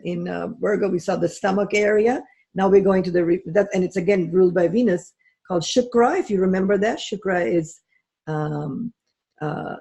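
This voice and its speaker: A woman's voice: on the low side, creaky, dark tone. A woman astrology teacher lecturing in a live class, telling stories in a chatty way with many fillers.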